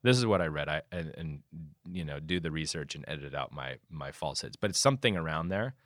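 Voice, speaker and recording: A man speaking as a conservation guest in a casual conversation, animated and often restarting his sentences. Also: a bass voice, fast talker, dry recording, clean studio sound. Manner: animated, many restarts and fillers.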